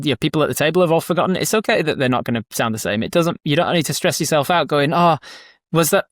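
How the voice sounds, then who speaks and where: A man talks quickly and with energy, stumbling over restarts as his thoughts race ahead. He sounds like a dungeon master guest in easy conversation. The sound is close and dry, with no room around it. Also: on the high side, no echo. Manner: animated, quick and self-correcting. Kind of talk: casual conversation.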